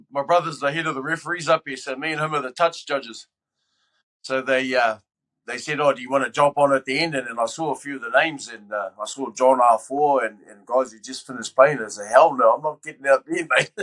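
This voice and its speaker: A middle-aged man with a New Zealand accent speaks over a laptop video call. His voice is bright and forward. He keeps it relaxed and easygoing, like a former player giving a quick opinion. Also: medium pitch. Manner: laid-back, easygoing, laughs it off. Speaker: guest rugby analyst. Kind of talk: casual chat on a video call.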